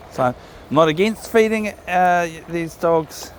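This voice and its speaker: A man with a New Zealand accent talks loosely to camera as he walks his dog outdoors, his voice sitting a little high. He wanders off track and restarts his sentences. Faint outdoor hum and traffic sit behind him. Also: animated, slow pace. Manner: rambling, self-correcting, talks to his dog. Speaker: vlogger walking his dog. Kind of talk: casual walking vlog chat. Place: outdoor riverside trail.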